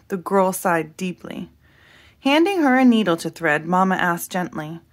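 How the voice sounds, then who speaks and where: A woman reading a children's picture book aloud in an expressive narrating voice. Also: on the low side, moderate pace. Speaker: storybook reader.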